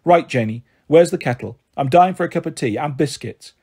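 A man's voice: a little high, expressive, fairly quick, husky. A man voicing a hearty, frank middle-aged aunt who runs a pub, in a raised voice. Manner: warm, jolly, frank. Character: hearty big-hearted woman pub landlady aunt, bustling.

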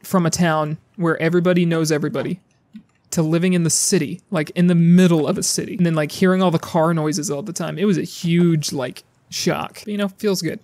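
Sarcastic, profane gamer. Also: male voice, a little high, steady tone, a little fast, a little mellow. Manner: profane, sarcastic, jokey, talks to the game characters. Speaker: gaming YouTuber. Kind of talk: casual gameplay commentary.

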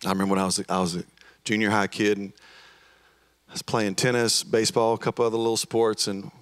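A man's voice: fairly low pitch, a bit bright. A male pastor preaching a sermon, telling a story and then building to a fervent call to move forward. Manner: storytelling, rising to fervent exhortation. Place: church sanctuary.

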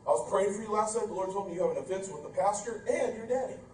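A male preacher voicing a gossipy older church lady, hushed, slow and pious, heard in a roomy church from a distance. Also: high-pitched, a little hiss or hum, pitched below the performer's own voice, lightly acted. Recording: roomy church sound from afar.

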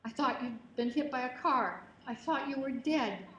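A woman's voice: medium pitch, very animated, normal speed, a bit bright, muffled recording. A woman reading as an exasperated mother. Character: exasperated mother scolding a crying girl. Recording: roomy hall, faint noise.

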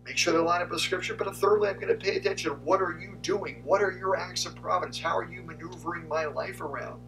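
A man's voice: high-pitched, steady tone, fast, hardly any pauses, a bit bright, distant mic, faint music behind, rough recording. A man preaching a conversational sermon to his congregation as pastor.

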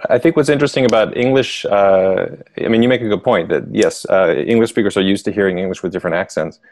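A man's voice: on the low side, fast, darkish tone. A man, an author and interview guest, explaining his ideas thoughtfully with frequent fillers. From United States. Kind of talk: casual interview.

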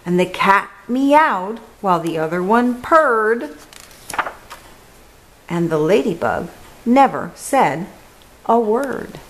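A woman reads a rhyming picture book to children, keeping a steady bouncing rhythm. Her pitch is lively and swings widely through each line. She goes slowly, giving every word time to land. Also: a little hiss or hum, poor audio. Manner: animated, rhythmic, with playful animal sounds. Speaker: children's story reader. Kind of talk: picture book read-aloud.

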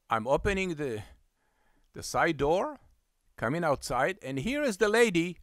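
Middle-aged man, animated storyteller, high and lively pitch. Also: no room sound, clean studio sound. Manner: animated, acts out both sides of the dialogue. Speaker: rug cleaning business owner. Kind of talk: storytelling monologue.

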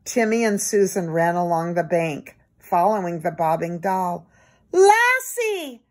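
A woman gently reading a children's book aloud in an expressive bedtime manner. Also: on the low side, normal speed. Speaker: storybook reader.

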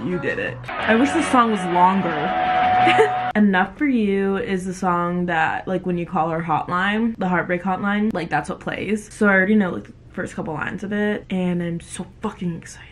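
A woman's voice: on the low side, normal speed, fairly bright tone. Gushing woman reacting to an album. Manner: gushing and emotional, swears freely. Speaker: music reaction vlogger. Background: faint music playing.

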